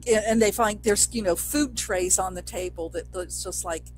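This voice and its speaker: A woman co-hosting a podcast, relaxed as she walks through the plot of an episode in casual chat. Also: mid-range voice, soft background music, poor audio. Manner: relaxed narration of plot, quick affirmations. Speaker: podcast co-host.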